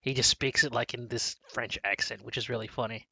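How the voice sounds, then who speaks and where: A man's voice: medium pitch, steady tone, brisk, gravelly, sharp tone, husky, no room sound. A man co-hosting a casual movie review chat, rambling with many restarts and fillers. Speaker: podcast co-host.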